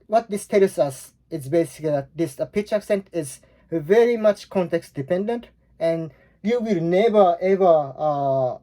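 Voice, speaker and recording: A man's voice: high voice, dark tone. A man in his forties with a Japanese accent, teaching a language lesson in a loose, rambling way full of fillers and restarts. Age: 40s. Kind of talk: casual explanatory lesson.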